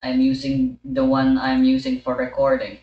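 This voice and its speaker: A man's voice: extremely high pitch, moderate pace, vocal fry, dull audio. Young-ish guy muttering thru his game session, sits back from the mic, room echo all over it. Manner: relaxed, mumbling commentary to himself and a friend. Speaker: gamer recording a playthrough. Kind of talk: casual gameplay chat. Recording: roomy, distant from the mic.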